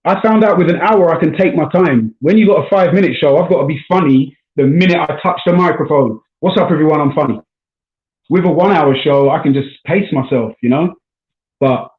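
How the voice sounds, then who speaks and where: South London comic guest, a touch high, talking loose over a thin, echoey call line. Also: male voice. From South London, England. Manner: relaxed, chatty, says man and bro often. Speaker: stand-up comedian guest. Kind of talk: casual chat. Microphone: video call. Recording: echoey, tinny call audio.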